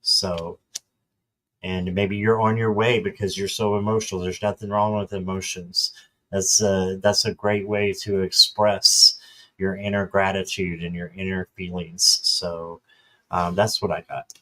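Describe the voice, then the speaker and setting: Male tarot reader, lowish voice, laid-back chat with pauses and fillers. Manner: relaxed, hesitant with fillers. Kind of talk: casual tarot reading.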